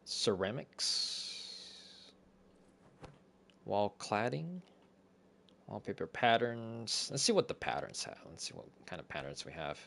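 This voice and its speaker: A man streaming a relaxed home-renovation game, commenting casually, reading chat aloud and chuckling often. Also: on the low side, slow, creaky, long pauses, a little hiss or hum. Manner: laid-back, chuckles often, talks to chat. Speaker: gaming streamer. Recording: faint game music behind.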